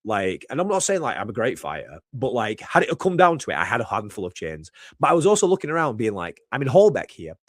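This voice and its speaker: A young man, a wrestler, telling a long rambling anecdote in a casual chat, animated and self-deprecating. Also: fairly low pitch, fast, hardly any pauses, no echo, clean studio sound. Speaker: wrestler guest.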